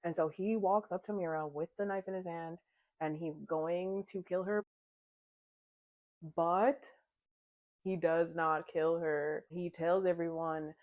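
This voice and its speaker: A young woman talks through a book recap in a chatty, sweary way and dramatizes the characters as she goes. Her voice sits a little low. The recording sounds dull and lo-fi. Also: steady tone, takes it slowly, pauses often. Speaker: book reviewer.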